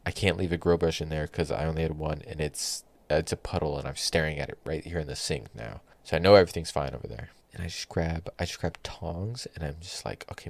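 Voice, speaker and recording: Young male podcast host, deep and gravelly, rambling casual storyteller. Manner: rambling, animated anecdote with profanity and self-mocking laughs.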